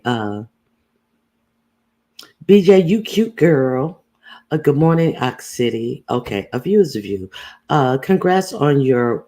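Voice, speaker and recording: A woman's voice: very deep voice, a little mellow. A woman hosting a casual livestream, greeting viewers by name and talking bluntly with plenty of profanity. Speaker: livestream host.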